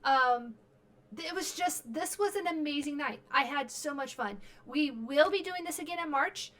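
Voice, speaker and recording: Bright, high-voiced tired woman streamer. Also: lively intonation. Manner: rambling, halting, many fillers and restarts. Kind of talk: casual end-of-stream chat.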